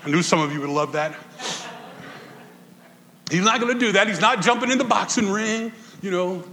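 A male pastor preaching a conversational sermon to his congregation, swinging from loud bursts to quiet asides. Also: moderate pace, big-room sound, slight background noise. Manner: conversational preaching, animated swings in pitch and volume.

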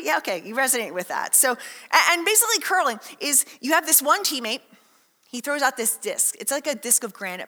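A woman preaching a sermon to a congregation, chatty and animated, acting out little scenes and asking the room questions. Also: on the high side. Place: church hall. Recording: echoey hall.

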